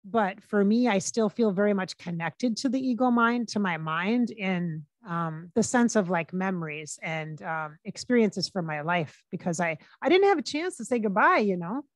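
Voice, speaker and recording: A woman's voice: medium pitch, animated, no room sound. Woman relaying a psychic reading, dry sound. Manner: relays quotes in her own plain voice with frequent pauses and restarts. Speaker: psychic medium. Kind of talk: casual channeling session monologue.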